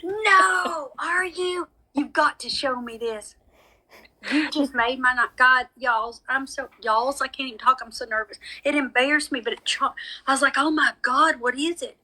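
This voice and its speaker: A dramatic woman with a high-sitting voice talks at a normal speed, her tone pushed and bright. She's a medium hosting a live stream, chatting casually with viewers and calling them y'all. The recording quality is low.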